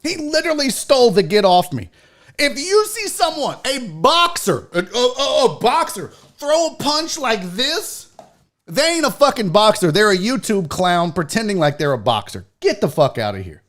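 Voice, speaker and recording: A man's voice: extremely high pitch, sing-song, moderate pace, fairly bright tone. A man in his forties hosting a show, delivering a heated, profane rant and mocking others in put-on voices. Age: 40s. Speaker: show host. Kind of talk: livestream rant.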